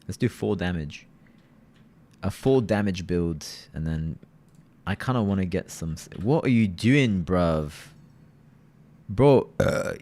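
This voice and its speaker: A young man streaming a game with his viewers, chatting loosely, repeating himself and calling everyone "bro". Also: lowish voice. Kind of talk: casual live-stream gaming chat.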